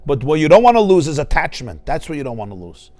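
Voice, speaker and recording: A man, a rabbi, giving a lively, joking Torah class in a study hall, acting out the people he describes. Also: a little high, fast talker. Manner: animated, joking, acts out voices of people he describes.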